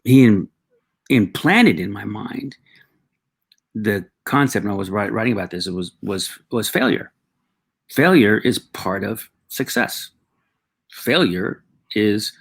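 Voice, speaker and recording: A middle-aged man speaks as a guest, telling personal stories in a reflective, halting way, often restarting sentences. His voice is low, gravelly and husky. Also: animated. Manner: reflective, halting, with frequent restarts and acted quotes.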